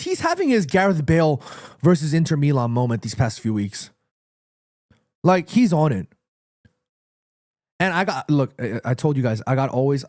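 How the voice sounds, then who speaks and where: Excitable man calling a football match live. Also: medium pitch, no room sound, studio quality. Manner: excitable, reacts loudly to the play, shouts at players; repeats himself, quick restarts. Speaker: watchalong streamer. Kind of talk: live football watchalong commentary.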